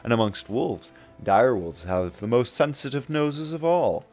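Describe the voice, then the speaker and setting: A man's voice: mid-range voice, sing-song, a little slow, darkish tone, faint music behind. A man putting on a formal male game character who talks in pedantic mock archaic English. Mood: pompous. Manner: pedantic, stiff mock-Old-English phrasing. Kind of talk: mocking impression while streaming.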